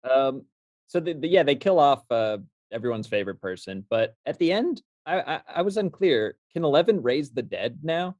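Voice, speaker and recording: A man's voice: mid-range voice, big pitch swings, normal speed, darkish tone, no room sound. A man hosting a casual panel commentary, joking and moving the show along. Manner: jokey, moves the show along. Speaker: host.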